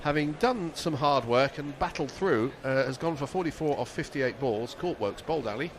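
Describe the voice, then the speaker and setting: A man's voice: medium pitch, expressive, moderate pace, a little hiss or hum. Chatty, wry male cricket commentator. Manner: chatty, wry, with fillers and restarts. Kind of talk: live radio cricket commentary.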